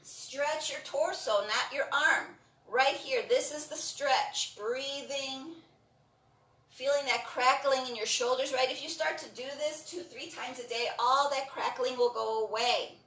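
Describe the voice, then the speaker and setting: A woman leading a breathing and stretching class, giving calm, encouraging cues and repeating them often. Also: sits high, measured pace, recorded from a distance. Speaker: breathing and movement instructor. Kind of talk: guided exercise instruction. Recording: roomy sound from off the mic.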